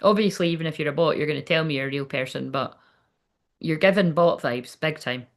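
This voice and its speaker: A woman's voice: deep voice, a little fast. A woman giving a casual livestreamed card reading, chatty and rambling, swearing freely. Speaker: tarot card reader.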